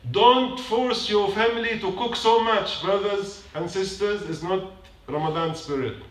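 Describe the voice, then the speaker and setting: A man's voice: high-pitched, a little slow. A man giving a short sermon in a mosque, emphatic, repeating his points and putting questions to the congregation. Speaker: mosque speaker. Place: mosque prayer hall. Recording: echoey hall from a distance.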